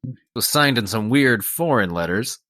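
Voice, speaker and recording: A young man trades jokes as a podcast co-host, his voice bright and forward. The sound is close and dry, with little room. He slides in and out of mock officials and improvised characters. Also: medium pitch, lively intonation, normal speed, no echo. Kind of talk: casual comedic chat with improvised bits.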